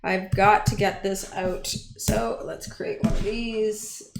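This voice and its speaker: A woman's voice: mid-range voice, steady tone, takes it slowly, vocal fry. A woman hosting a casual livestream, chatty and easily flustered as she talks to her chat and counts entries aloud. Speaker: livestream host. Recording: echoey room with faint noise.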